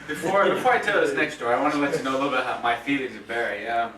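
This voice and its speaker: A man's voice: mid-range voice, rapid-fire. A man telling a long, laughing story at a birthday roast, full of fillers and restarts, recorded on a home video camera at a party. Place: party room with guests. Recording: echoey room, distant camera, crowd noise.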